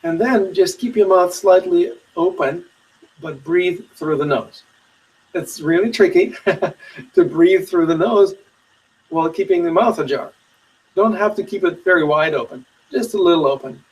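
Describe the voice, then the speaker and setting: A man teaching meditation in a webinar, giving slow, soothing guided instructions with long pauses. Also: fairly high pitch, a little mellow, distant mic, low-quality recording.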